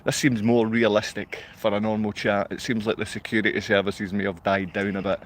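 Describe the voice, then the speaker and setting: A man's voice: lowish voice, level tone, a little fast, slight background noise. A Scottish man ranting in a rambling monologue to a live online audience. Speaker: livestreamer.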